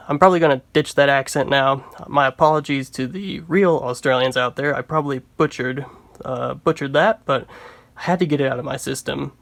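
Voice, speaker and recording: A man's voice: medium pitch, fairly quick, gravelly, a bit bright, no room sound. A man hosting a casual breakdown of a tabletop game, chatty and full of filler words.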